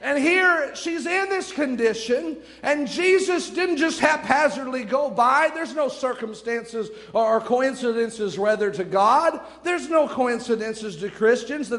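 A man's voice: extremely high pitch, lively intonation, measured pace, fairly bright tone, long reverb tail. A man preaching a sermon in a church, fervent and repetitive, firing off rhetorical questions.

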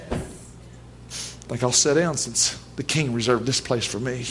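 A man's voice: mid-range voice, measured pace, long pauses, crowd noise. A man preaching a sermon at a church service, folksy and emphatic, in plain everyday speech.

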